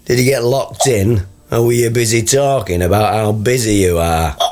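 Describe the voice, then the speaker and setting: An actor playing a dry-witted, gruff father in a radio comedy. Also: fairly low pitch, normal speed, noisy background, natural voice. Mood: exasperated. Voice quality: dry sarcastic wit. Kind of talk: radio comedy drama acting.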